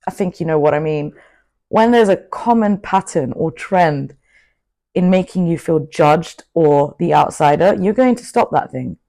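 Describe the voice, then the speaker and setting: Outspoken woman vlogging. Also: fairly low pitch. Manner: outspoken and animated, with frequent asides. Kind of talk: casual motivational monologue to camera.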